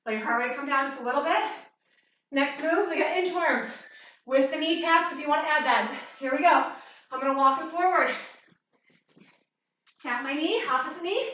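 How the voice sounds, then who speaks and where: A high, bright-voiced woman coaches a bootcamp workout while doing the moves herself, out of breath and encouraging. Her voice rings through a very echoey room, picked up from a distance with a slightly dull sound. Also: moderate pace, long pauses. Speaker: fitness instructor. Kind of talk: workout instruction.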